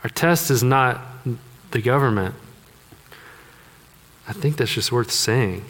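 A man's voice: medium pitch, takes it slowly, a bit bright. A man preaching a sermon, conversational and joking with the congregation. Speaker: pastor. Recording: long hall reverb.

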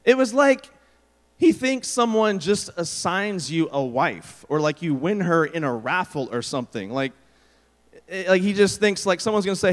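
A middle-aged pastor preaches a sermon in a somewhat high voice. He tells stories with animated delivery and acts out the quotes. His voice carries a long reverb from a large hall. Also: moderate pace.

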